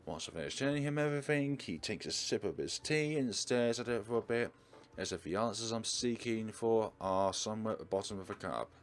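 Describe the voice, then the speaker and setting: Male let's play host reading game text, deep voice, casual self-corrections. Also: expressive, fairly quick. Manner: casual read-through with slips and self-corrections. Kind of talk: reading a visual novel aloud.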